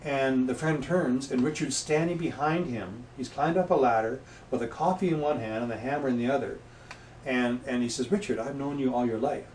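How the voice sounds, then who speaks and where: A mid-pitched man chats as a guest, spinning anecdotes and playing out the voices of the people in them. He sounds set back from the mic in a roomy, echoing space, with a faint hiss underneath. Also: a little fast, darkish tone. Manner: anecdotal storyteller who acts out quoted voices. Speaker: guest, past life regression practitioner. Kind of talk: casual interview chat. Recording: echoey room, distant mic, faint noise.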